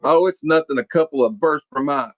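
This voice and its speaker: Man doing a comic-book cowboy pilot, slow folksy drawl, raised pitch, dry sound. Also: no room sound, dull audio, natural voice.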